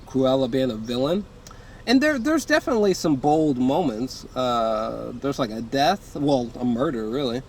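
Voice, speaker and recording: A man's voice: medium pitch, slight background noise. A man giving a casual, rambling film review from a hot room indoors, full of fillers and swearing. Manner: rambling, frequent fillers and profanity. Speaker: movie reviewer.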